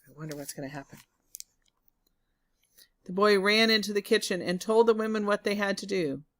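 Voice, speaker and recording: Woman, reading a picture book to kids, asks questions, bright voice, dry close sound. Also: mid-range voice, moderate pace, no room sound. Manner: asks the listening children questions. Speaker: storybook reader. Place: home, during lockdown.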